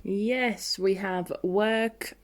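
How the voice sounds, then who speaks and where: Slow, thoughtful woman co-host. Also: mid-range voice, fairly even intonation. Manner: slow and thoughtful, hesitant fillers. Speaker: podcast co-host. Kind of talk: casual teaching chat.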